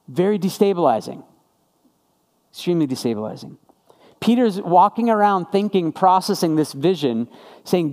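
A man's voice: high-pitched, lively intonation, brisk, a little mellow, in a large hall. A man preaching a sermon in a conversational way, piling up rhetorical questions. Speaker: pastor.

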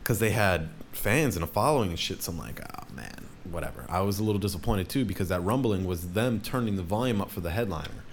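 A young man, a DJ, telling a rambling story in casual talk, swearing often and jumping up in pitch for quoted voices. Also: fast talker, hardly any pauses, slight background noise.

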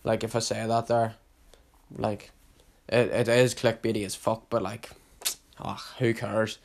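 A young man hosting a solo podcast, rambling casually with heavy swearing and sudden loud hype bursts. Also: on the low side, little pitch movement, measured pace, gravelly. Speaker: podcast host.

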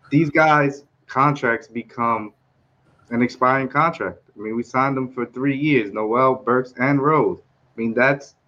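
A man co-hosting a casual sports talk show, animated and repeating himself to make his points. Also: mid-range voice, highs cut off. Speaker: podcast co-host.

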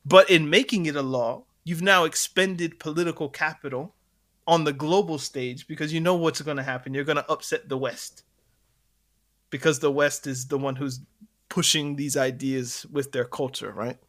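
A man co-hosting a podcast, telling a story in animated casual chat and laughing between points. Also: on the high side, moderate pace. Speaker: podcast co-host.

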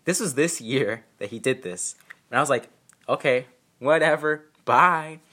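Young man, bright forceful voice, casual storytime, swears freely, jokes about himself. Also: medium pitch, lively intonation, moderate pace, husky. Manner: candid, profane, self-mocking humor.

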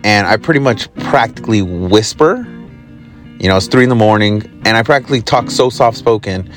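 Rambling, profane man with a low voice. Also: brisk, faint music behind. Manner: rambling, profane, with many fillers. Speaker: podcast host. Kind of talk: casual storytelling monologue. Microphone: recording on the job, from a motel.

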